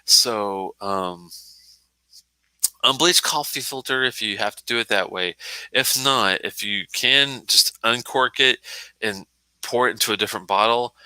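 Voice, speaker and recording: A man's voice: fairly low pitch, a little slow, sharp tone, clear, resonant tone, no echo, poor audio. A man hosting a casual live stream, chatting in a rambling way, swearing now and then and answering comments from the chat. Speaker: livestream host.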